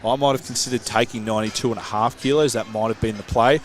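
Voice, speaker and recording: A man's voice: medium pitch, steady tone, quick pace, a little hiss or hum. A man commenting live on a strongman lifting event in a chatty, analytical way, poking fun at his own slips. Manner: chatty, analytical, self-mocking.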